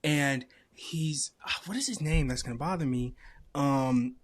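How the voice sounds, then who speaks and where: A man's voice: medium pitch, measured pace. A man co-hosting a podcast, chatting bluntly and heatedly, often slipping into mocking impressions. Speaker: podcast co-host. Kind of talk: casual chat.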